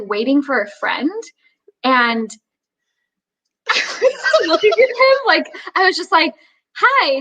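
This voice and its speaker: A young woman guest with a bright, clear voice that sits a little high. She tells her stories in an animated, casual way, acting out the voices she quotes and laughing often. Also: low-quality recording. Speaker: actress guest. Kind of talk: casual interview chat.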